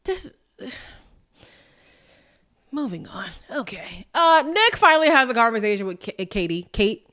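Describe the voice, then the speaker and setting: A woman hosting a podcast, chatting in a candid, sassy way with frank asides to her listeners. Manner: lively, with quick jumps in pitch. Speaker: podcast host. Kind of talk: casual recap chat.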